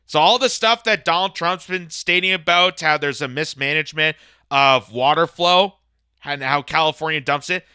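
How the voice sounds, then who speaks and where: A man's voice: fairly high pitch, animated, moderate pace, bright, forceful tone, clean tone, no echo, clean studio sound. A man hosting a political reaction commentary, ranting sarcastically with heavy emphasis. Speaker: commentary host.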